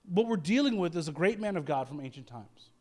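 A man delivering a lively sermon in a notably high voice. He swings between hushed asides and raised, dramatic quotes of anguished prayers, with quick self-deprecating jokes. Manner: animated, acts out quoted prayers, self-deprecating humor, frequent laughs. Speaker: pastor.

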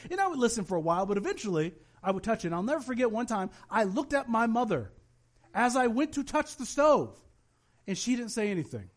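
A male pastor delivering a sermon with a notably high-pitched voice. He tells lively personal stories and slips into the voices of the people he quotes. His delivery is animated and conversational. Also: fast. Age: adult, has children.

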